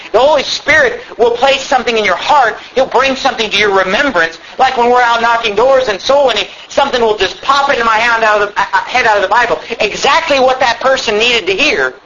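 A male pastor preaches with a high, bright voice, pressing each point and repeating it. He throws questions at his listeners as he goes. The recording sounds dull, with faint hiss underneath. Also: fairly quick, hardly any pauses. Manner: emphatic, repetitive, rhetorical questions to the congregation. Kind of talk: sermon.

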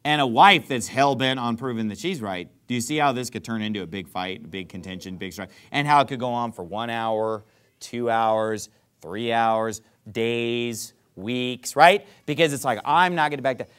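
A male pastor preaching a sermon to his congregation, asking rhetorical questions and dropping his voice softly to act out apologies. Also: normal speed, clear, resonant tone. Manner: drops to a soft low voice to act out apologies.

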